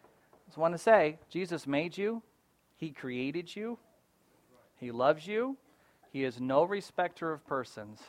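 A man preaching a sermon as a pastor, casual and conversational, often checking in with "right?" and moving between loud emphasis and quiet asides. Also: a little high, expressive, takes it slowly, pauses often, no room sound.

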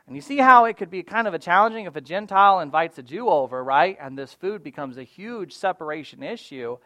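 Male pastor, fairly high voice, dry close sound, chatty sermon delivery that swings between forceful and soft. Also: expressive, a little fast, few pauses, dry recording. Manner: conversational preaching with frequent "all right?" and "right?" check-ins; swings between loud emphatic stresses and quiet low asides.

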